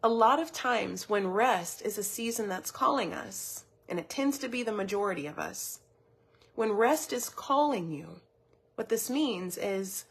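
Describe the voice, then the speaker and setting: A woman's voice: medium pitch, slightly rough. A woman giving a motivational teaching talk as a wellness coach, earnest and personal, often repeating words as she thinks.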